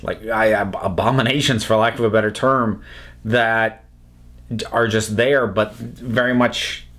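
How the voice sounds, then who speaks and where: A man hosting his own film video, talking in casual commentary that is expressive and halting, with many restarts. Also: lowish voice. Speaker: YouTube host reviewing films.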